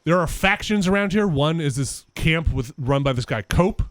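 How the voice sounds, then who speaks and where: A man's voice: fairly high pitch, lively intonation, moderate pace, dry recording, studio quality. Chatty man narrating his gameplay. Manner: rambling, explains as he plays, laughs often. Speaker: host playing the game. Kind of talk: casual gameplay commentary.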